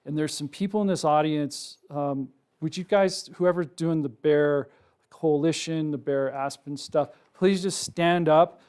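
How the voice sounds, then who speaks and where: A middle-aged man, a wildlife researcher, giving a public talk to a live audience, telling a personal story in a casual, animated way with lots of ums and likes. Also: on the high side, measured pace, smooth. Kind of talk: public lecture with personal anecdote. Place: lecture room with a live audience.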